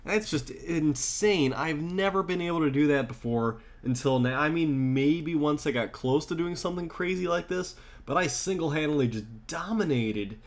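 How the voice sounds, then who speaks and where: A man giving casual, rambling commentary over his own gameplay, excited and full of fillers. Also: a little high. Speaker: gaming commentator.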